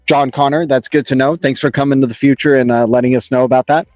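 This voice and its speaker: A man's voice: medium pitch, fairly even intonation, fast, darkish tone, no echo. Upbeat man hosting a crypto livestream. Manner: upbeat, rambling, greets chat by name. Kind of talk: casual livestream chat. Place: home setup in Los Angeles. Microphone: external mic on a phone stream. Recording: dull lo-fi phone stream with music.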